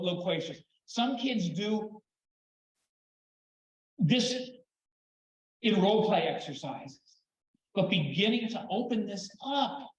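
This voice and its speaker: Lively older man speaking in a hall. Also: sits high. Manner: expressive, repeats words when excited. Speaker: conference speaker. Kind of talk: animated storytelling talk. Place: conference hall. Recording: echoey, dull hall recording.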